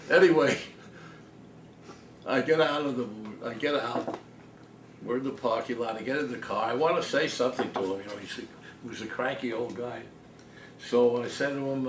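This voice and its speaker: An older man telling anecdotes to an audience in a small cafe, animated and often laughing, mimicking other people's voices. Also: medium pitch. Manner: animated, laughing storyteller, mimics his father's voice. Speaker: author giving a talk. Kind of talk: anecdotal storytelling talk. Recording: roomy, distant mic, noisy.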